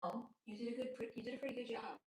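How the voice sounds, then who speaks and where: Rapid-fire and fairly high-pitched, a Los Angeles woman hosts a casual livestream from her home room, affectionately chatting and reading viewers' comments aloud. A spiritual reader, she's losing her voice to a sore throat; the sound is reverberant with a noisy background.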